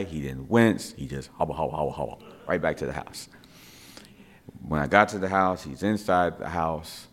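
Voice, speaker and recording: A middle-aged man, a father, telling a family story in a casual, animated way and repeating words for effect. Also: low-pitched. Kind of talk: casual spoken anecdote.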